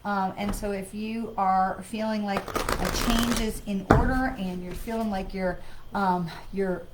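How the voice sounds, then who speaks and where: A woman's voice: medium pitch, steady tone, unhurried, heavy background noise. Chatty woman giving a psychic card reading. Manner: conversational, with frequent fillers and sighs; greets viewers by name. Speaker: psychic medium. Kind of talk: live-streamed card reading.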